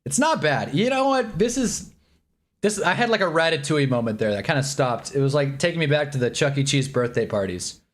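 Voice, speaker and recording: A man's voice: fairly high pitch, big pitch swings, fairly quick. A man reacting live on a stream, rambling and annoyed, joking and talking while he eats.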